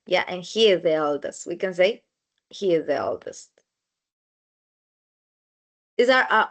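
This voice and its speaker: A woman teaching an English grammar lesson in a slow, methodical way, repeating words as she goes. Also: medium pitch, a bit bright.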